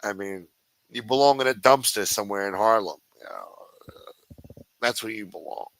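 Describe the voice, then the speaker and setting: A man's voice: on the low side, lively intonation, moderate pace, vocal fry, a bit bright, dry recording, low-quality recording. A man hosting a livestream, ranting with constant profanity in a sneering, contemptuous way. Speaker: livestream host.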